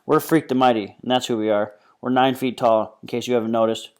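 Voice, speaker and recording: A man's voice: medium pitch, fairly even intonation, a little fast, natural voice. A man reading aloud and voicing a small, brainy, bold boy who declares things proudly. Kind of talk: audiobook reading.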